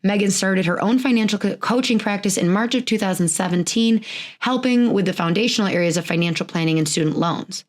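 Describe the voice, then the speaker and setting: A woman's voice: medium pitch, a little fast. A woman in her thirties hosting a podcast, talking in a chatty, rambling way, with frequent "like"s and little laughs. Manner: laughs often while talking. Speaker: podcast host. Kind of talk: casual chat.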